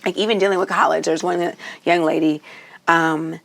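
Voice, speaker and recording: A woman's voice: lowish voice, steady tone, moderate pace, creaky. A woman hosting a podcast, chatting casually and asking rhetorical questions. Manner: conversational, asks rhetorical questions. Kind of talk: casual chat.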